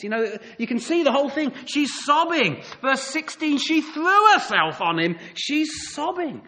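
Brief: middle-aged preacher, animated storyteller with rhetorical questions. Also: male voice, very high voice, moderate pace, hardly any pauses. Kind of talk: sermon.

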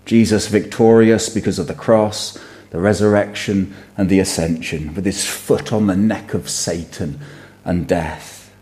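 A middle-aged man delivers a sermon with a low, deep voice and a warm, mellow tone. He preaches earnestly and steadily, leaning hard on key phrases. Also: steady tone, measured pace.

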